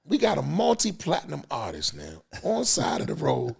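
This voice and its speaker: A middle-aged man, a music business veteran, telling stories as a podcast guest in a lively, laughing, casual way. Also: a little high, moderate pace, creaky, slightly rough. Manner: lively, laughing storyteller with many fillers. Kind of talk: animated storytelling in casual chat.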